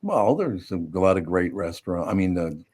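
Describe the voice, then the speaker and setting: A man's voice: low voice, sing-song, normal speed, a little mellow, slightly rough. An older man, hosting a casual radio chat and telling teasing family stories. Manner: teasing, storytelling. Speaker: radio show host.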